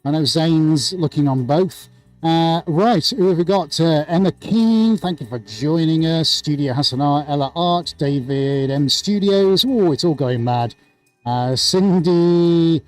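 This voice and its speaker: A man's voice: a little high, measured pace. A man hosting a live art stream from his studio, chirpy and jokey, with music playing behind.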